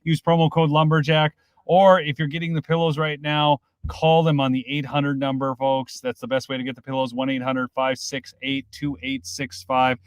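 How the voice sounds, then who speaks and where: A man from Minnesota hosting a live political commentary stream, swinging between loud outbursts and quiet mutters. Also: mid-range voice, level tone, moderate pace, no room sound.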